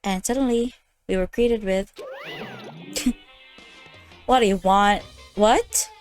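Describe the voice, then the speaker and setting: Voicing all the characters of a visual novel herself, a young let's play host speaks at medium pitch and a measured pace. Faint game music sits underneath her laughter and reactions.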